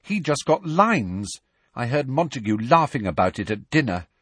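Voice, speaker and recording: A man's voice: medium pitch, sing-song, normal speed, fairly bright tone, husky, dry recording, pitched above the performer's own voice. A man voicing a miserable young teenage girl.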